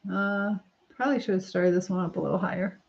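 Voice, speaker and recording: A woman's voice: lowish voice, fairly even intonation, fast, gravelly. A middle-aged woman hosting a casual live stream, chatting and laughing as she reads viewer comments while styling her hair. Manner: chatty, rambling, frequent laughs. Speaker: livestream host reading viewer comments. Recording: slightly dull lo-fi sound.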